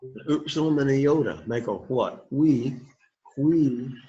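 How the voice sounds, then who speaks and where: A man's voice: mid-range voice, expressive, unhurried, mellow, husky. A man teaching a Greek class, encouraging the students and repeating words for them to echo, in a dull lo-fi classroom recording. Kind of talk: classroom pronunciation drill.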